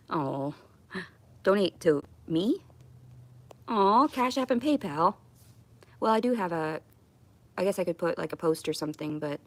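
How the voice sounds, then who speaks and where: A woman chatting on a casual livestream at home, rambling and self-deprecating. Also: fairly low pitch. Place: at home on camera.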